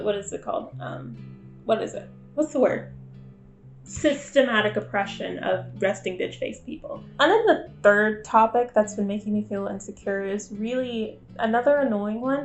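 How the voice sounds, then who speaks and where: A woman's voice: mid-range voice, darkish tone. Candid self-deprecating woman vlogger. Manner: confessional, self-deprecating, wry. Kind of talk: candid talking-to-camera vlog. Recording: faint guitar music behind.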